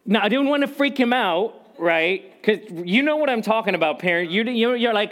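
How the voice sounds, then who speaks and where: Conversational preacher with a higher voice. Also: male voice, animated, moderate pace, hardly any pauses, fairly bright tone. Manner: conversational preaching with personal stories and humor; emphatic, repeats key phrases. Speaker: pastor. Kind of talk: sermon.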